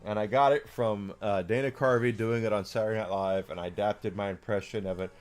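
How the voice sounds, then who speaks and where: A man's voice: on the low side, fairly even intonation, brisk. A man in his forties chatting casually and outspokenly as a streamer, rambling with many fillers. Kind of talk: casual chat while gaming.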